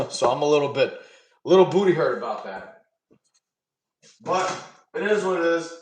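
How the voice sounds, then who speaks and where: A man chatting casually with his livestream audience and answering questions, laid-back and quick to laugh. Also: a little high, expressive, echoey room, rough recording. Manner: laid-back, chatty, laughs often, addresses chat as y'all. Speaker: streamer answering chat questions.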